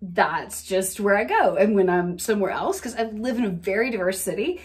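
A woman's voice: medium pitch, lively intonation, moderate pace. A woman with a Southern American accent leading a playful laughter session, breaking into laughter often. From Southern United States. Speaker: laughter practice leader.

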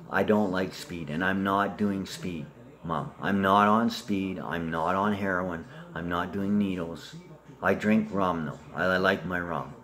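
Man, rambling profane monologue, lowish voice, skips from topic to topic. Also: a bit bright.

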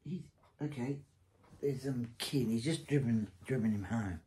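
Male reviewer, blunt and rambling, with a dark, mellow tone. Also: medium pitch, measured pace. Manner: rambling, hesitant, blunt and scornful. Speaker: TV series reviewer. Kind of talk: casual spoken review.

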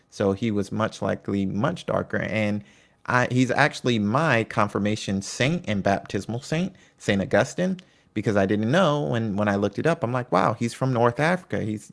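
Gravelly low-voiced man explaining casually. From United States. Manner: conversational, with asides and personal anecdotes. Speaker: Catholic history presenter. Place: home in Virginia.

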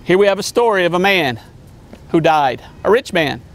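A man, a missionary evangelist, preaching a sermon in an emphatic way, with high exclamations and low drops. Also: lively intonation, moderate pace.

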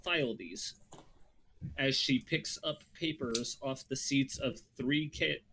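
Slow, deliberate game master man. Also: mid-range voice, steady tone, a bit bright, slight background noise. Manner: slow, deliberate narration, laughing often. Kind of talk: narrating a tabletop game.

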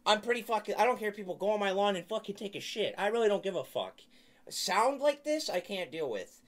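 A male streamer rants in fury, cursing nonstop and breaking into shouts. His pitch swings widely from line to line. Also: very animated, fairly quick, a little hiss or hum. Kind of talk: profane ranting on stream.

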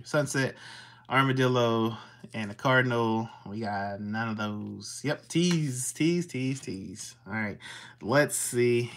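Slow, gravelly livestream host. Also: mid-range voice, slight background noise. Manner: slowly reads out scratch-off symbols and greets chat viewers. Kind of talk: casual livestream commentary.

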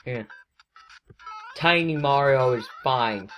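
A woman giving excitable let's play commentary as she plays, scolding herself and yelping at her mistakes. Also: rumbling low, takes it slowly, soft background music. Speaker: gaming video creator.

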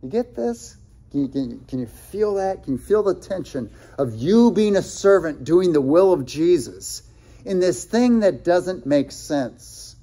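A man's voice: sits high, expressive, unhurried, warm tone. A male pastor preaching a sermon in a conversational way, with many fillers and restarts, quoting scripture as he goes.

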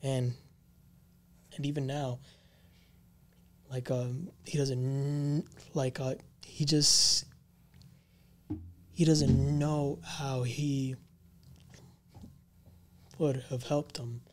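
A man's voice: mid-range voice, flat delivery, drawn-out words, long pauses, slight background noise. A man co-hosting a paranormal podcast, telling a creepy story in a rambling, slangy way with many fillers. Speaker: podcast co-host.

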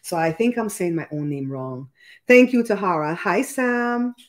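A woman's voice: mid-range voice, lively intonation, measured pace. Woman, live-stream host, upbeat and chatty, home kitchen, laptop mic. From Belize. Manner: chatty and upbeat, greets viewers by name. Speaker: cooking show host. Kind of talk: live-stream chat with viewers. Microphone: laptop live stream with a microphone.

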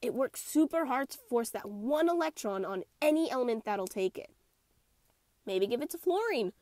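A young woman with a stuffy, congested voice, hosting a playful, animated chemistry lesson. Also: a little high, moderate pace, no echo. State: congested from a cold. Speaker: chemistry video host. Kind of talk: casual explainer lesson.

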